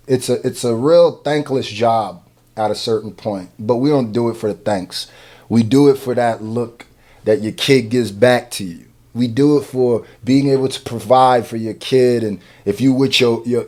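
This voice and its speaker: A young man, a new father, reacting to a music video in casual commentary, getting emotional and swinging from quiet murmurs to loud laughing outbursts. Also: medium pitch.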